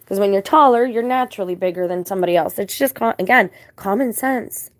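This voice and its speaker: A woman's voice: medium pitch, brisk, dry recording. Indignant woman rambling in a vlog. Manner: religious turns of phrase. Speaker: vlogger. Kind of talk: casual vlog monologue.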